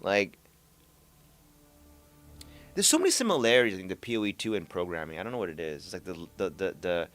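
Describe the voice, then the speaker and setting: A man hosting a casual gaming chat, animated, who laughs often and trails off into repeated words. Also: low-pitched, fairly quick, pauses often, soft background music. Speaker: podcast host.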